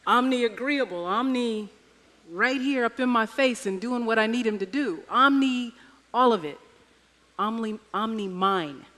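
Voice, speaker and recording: A woman's voice: a little high, measured pace, pushed and bright. A woman preaching a sermon, telling a personal story with wry humor. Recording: echoey hall reverb.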